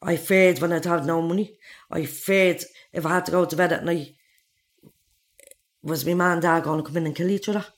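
A woman's voice: lowish voice, steady tone, a little fast, pauses often. A woman in her forties with an Irish accent, bluntly telling her own life story in an interview and swearing freely. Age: 40s. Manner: blunt, swears freely, acts out others' lines.

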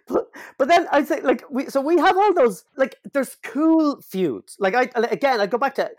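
A man's voice: extremely high pitch, lively intonation, moderate pace, no room sound. Rambling Irish man, dry close mic. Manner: rambling, jokey, full of fillers. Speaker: podcast co-host. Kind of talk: casual chat.

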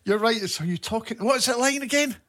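A Scottish man co-hosting a podcast, talking in a playful, animated way and laughing easily, recorded indoors in a studio office. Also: extremely high pitch, fairly quick. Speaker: podcast co-host and radio presenter. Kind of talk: casual podcast chat.

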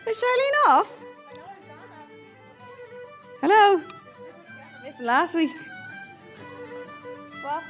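A woman's voice: extremely high pitch, very animated, very slow, pauses often, fairly bright tone. A young woman co-hosting a live stage show, teasing her co-host and the audience and swearing freely. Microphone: handheld stage mic. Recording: live crowd and music behind.

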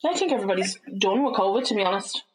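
A woman's voice: mid-range voice, lively intonation, very fast, poor audio. A woman co-hosting a podcast, chatting casually over a video call, laughing often and swearing freely. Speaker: podcast co-host. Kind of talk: casual chat. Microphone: laptop on a video call.

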